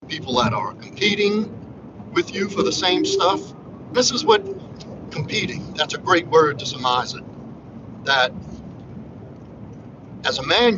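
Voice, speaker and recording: Blunt man ranting on a lo-fi livestream. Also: a little high. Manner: blunt, profane, preachy. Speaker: livestream host. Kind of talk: casual livestream monologue. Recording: muffled lo-fi audio with background noise.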